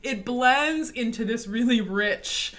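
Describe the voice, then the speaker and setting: A woman co-hosting a casual chat about singing voices, explaining vocal colour in an animated way. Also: a little high, slow pace. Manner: animated, demonstrates sounds with her own voice.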